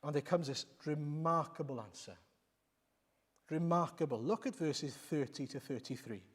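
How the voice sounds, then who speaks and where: Male preacher, fairly high voice, emphatic sermon delivery, long church reverb. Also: normal speed, slightly rough. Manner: emphatic, rhetorical questions, repeats lines.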